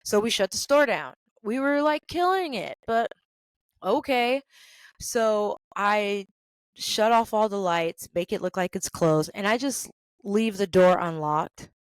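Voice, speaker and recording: A woman in her thirties hosting a podcast, telling a work story in a lively way and acting out the people in it. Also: on the high side, smooth, no echo. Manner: animated, acts out quoted people. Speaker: podcast host. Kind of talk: storytelling rant.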